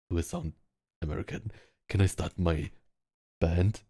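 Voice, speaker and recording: Deep gravelly man with German accent. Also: unhurried, pauses often, warm tone, no echo, studio quality. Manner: rambling, lots of "like" fillers, practicing word sounds aloud. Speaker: VR social game player. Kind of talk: casual chat. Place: online virtual world, speaking from home.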